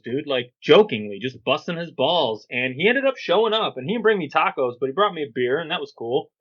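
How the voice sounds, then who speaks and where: A man chatting loosely on a podcast, with a bright, forceful voice. He swears, drops slang and acts out what people said. The audio is a bit dull and lo-fi. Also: medium pitch. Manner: laid-back, swears, slangy, acts out quotes. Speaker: guest, clothing brand owner. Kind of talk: casual storytelling interview.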